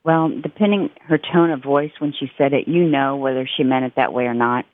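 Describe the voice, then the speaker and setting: A woman's voice: very deep voice, fairly quick, no echo. A woman caller from Bluffton, calling in to a radio show and speaking plainly and reassuringly. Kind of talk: phone call-in chat. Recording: tinny phone line.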